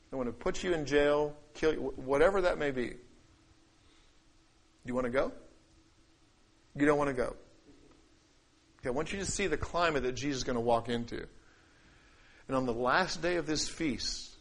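A man preaching a sermon, acting out quoted voices and scripture, swinging between loud declaiming and quiet asides. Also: mid-range voice. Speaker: pastor.

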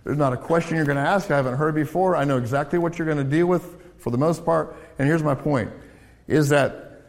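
A middle-aged American man preaching a sermon as pastor and counselor, animated, swinging between raised emphasis and low, quiet asides. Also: fairly quick. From United States. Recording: long hall reverb.

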